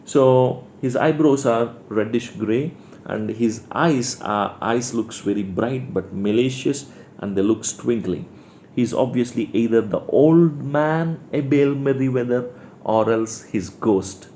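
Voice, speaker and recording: A man's voice: medium pitch, slow pace, dark tone, slight background noise. A male teacher with an Indian English accent explaining a play line by line, restating words for his class.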